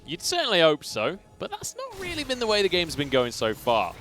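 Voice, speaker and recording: A male esports caster whose voice rises and dips widely as he calls the action. He sits a little above the usual pitch for a man and mixes play-by-play with easy, joking chatter. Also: wildly swooping pitch, fairly quick, a bit bright, faint music behind. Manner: jokey, chatty banter between calls. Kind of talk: play-by-play and colour commentary.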